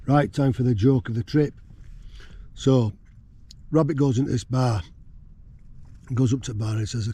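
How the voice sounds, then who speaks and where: A man's voice: medium pitch, fairly even intonation, moderate pace, pauses often, mellow, breathy edge. A man chatting casually from his tent while wild camping, rambling with lots of fillers. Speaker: vlogger. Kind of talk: casual outdoor chat. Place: tent on a windy hill.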